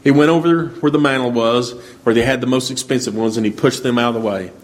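A man's voice: mid-range voice, quick pace, a little hiss or hum. A man preaching, telling a story in a plain, folksy way. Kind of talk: sermon storytelling.

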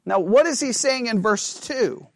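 A man's voice: very high voice, lively intonation, unhurried, no room sound. A man leading a Bible study in a conversational way, thinking aloud, restarting his words and checking in with the group.

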